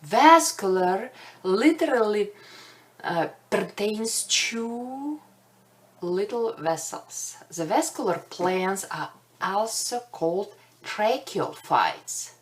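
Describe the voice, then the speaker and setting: Slow-speaking woman with a Russian accent. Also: medium pitch, lively intonation. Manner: slow, careful explanatory delivery with light self-deprecating humor. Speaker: botany instructor. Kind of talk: recorded online lecture.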